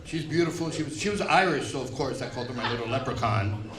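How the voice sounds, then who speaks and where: A Bronx-raised, Puerto Rican middle-aged man with a New York accent works a comedy club stage, landing brash, profane jokes. His delivery is fast and animated at a medium pitch. Crowd noise and audience laughter ring through the echoey live room.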